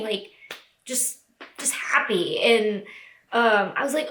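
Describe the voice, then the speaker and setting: Young woman, crying, personal vlog, filler-heavy, bright tone, roomy echo. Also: a little high, expressive, unhurried, long pauses. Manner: tearful, lots of "like" fillers. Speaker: vlogger. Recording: echoey room.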